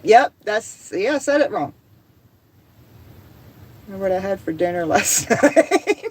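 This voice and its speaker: A middle-aged woman with a Southern drawl chats easily on a relaxed home livestream. She reads viewer comments aloud and laughs often, in a voice of ordinary middle pitch. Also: a little slow, long pauses, slightly rough, poor audio. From American South. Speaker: livestream host. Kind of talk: casual livestream chat.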